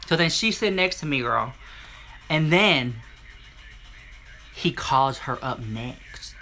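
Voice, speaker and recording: Bright, sassy man telling a story. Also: a little high, slow, pauses often, faint music behind. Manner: animated and sassy, acts out other people's lines. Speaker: live-stream host. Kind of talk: casual storytelling to a live chat.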